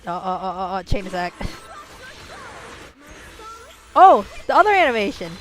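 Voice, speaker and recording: A woman's voice: mid-range voice, big pitch swings, quick pace, fairly bright tone. A woman streaming a game and chatting casually with her viewers, rambling and swearing freely, with many "like" fillers and restarts. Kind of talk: casual live-stream chat while gaming.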